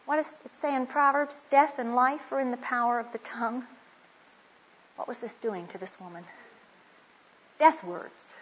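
A woman with a high, breathy voice delivers a sermon to a women's gathering, telling stories in a chatty tone. She slows right down to press her key phrases home. The recording is muffled and lo-fi. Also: steady tone. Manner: conversational, with emphatic slow phrases. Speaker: speaker at a Christian women's conference. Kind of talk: personal storytelling sermon.

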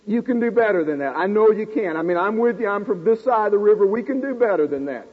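A man in his forties preaching a sermon, an animated storyteller who pokes fun at himself in front of a live congregation. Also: high voice, fast, husky. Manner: animated, self-deprecating storyteller talking to a live audience. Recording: tinny lo-fi recording in a reverberant hall.

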